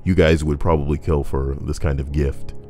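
A man's voice: extremely low pitch, fairly even intonation, normal speed, mellow, soft background music. A man doing comedic commentary as a streamer reading online posts, crude and jokey, slipping into silly voices and singing.

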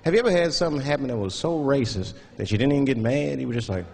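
A man's voice: medium pitch, lively intonation, rapid-fire, gravelly, darkish tone. A man doing a stand-up comedy set, storytelling loosely and dropping into voices. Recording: live stand-up hall with audience. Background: audience laughter.

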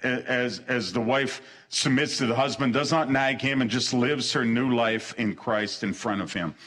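In a mid-range, slightly bright voice, a pastor preaches at a moderate pace. His delivery is earnest, marked by repeated short phrases for emphasis and sentences he stumbles over and begins again.

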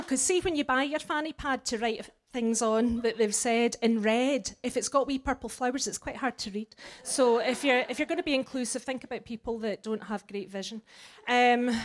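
A woman's voice: a little high, moderate pace. A Scottish woman performing a sweary, flippant stand-up comedy set live before an audience. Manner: brash, sweary and flippant, with big swings in loudness.

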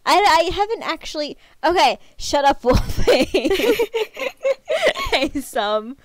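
A woman streaming live, chatting casually with her viewers and a friend, excitable and quick to laugh. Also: sits high, no echo. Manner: giggly, excitable, talks to chat.

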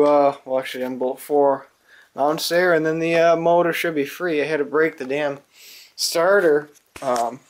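A man with a New England accent talks through a mower repair in a garage, his voice a touch higher than most men's. He rambles with plenty of ums and the odd swear. The sound comes from a camera mic that drifts nearer and farther as he moves around. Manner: rambling, profane, with many fillers. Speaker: small engine repair vlogger. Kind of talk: casual workshop chat.

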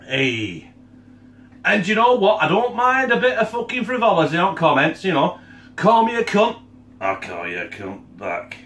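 A man's voice: high-pitched, huge pitch swings, moderate pace, sharp tone. A man hosting a casual cooking vlog, chatting bluntly with plenty of swearing and jokes, sometimes with his mouth full. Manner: blunt, sweary, jokey banter; talks with his mouth full while tasting. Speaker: cooking channel host. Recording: echoey room.

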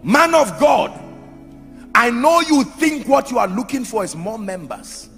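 A man's voice: extremely high pitch, animated, unhurried, vocal fry, fairly bright tone. A man preaching a sermon in an emphatic style, asking the crowd rhetorical questions. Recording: echoey hall with music under.

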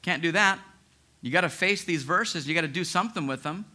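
A man preaching a sermon as pastor, in a lively, conversational way with frequent restarts. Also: fairly high pitch, brisk. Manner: acts out listeners' inner objections.

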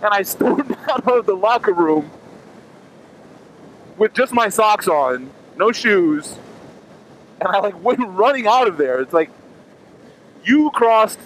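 A man vlogging a profane, animated story, acting out his own reactions. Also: high voice, a little hiss or hum, rough recording. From Miami. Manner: animated, profane, acts out quotes. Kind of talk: casual storytelling.

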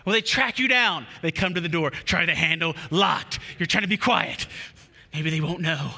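A man preaching a sermon as a pastor, animated and repetitive, with playful asides to the congregation. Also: high voice, moderate pace, gravelly. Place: church auditorium. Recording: long hall reverb.

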